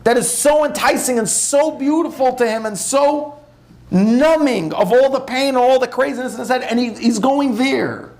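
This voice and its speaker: A man, a rabbi, giving an animated, conversational sermon to a live audience. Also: very high voice, normal speed. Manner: animated, conversational preaching with acted-out asides.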